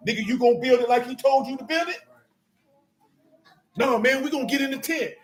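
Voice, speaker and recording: A middle-aged man preaching a fiery sermon in street slang, scolding and sometimes shouting. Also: extremely high pitch, fairly quick.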